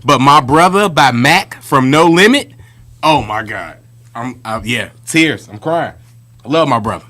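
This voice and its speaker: A man's voice: medium pitch, animated, unhurried, pushed and bright. A man co-hosting a podcast, telling stories in a chatty, slangy, casual way. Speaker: podcast co-host. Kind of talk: casual chat.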